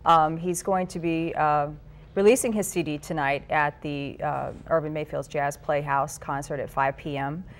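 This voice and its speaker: A woman's voice: sits low, fairly even intonation, normal speed, a little hiss or hum. A woman appearing as a guest on a live morning show, eagerly promoting a benefit event. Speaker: guest organizer. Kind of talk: live TV interview.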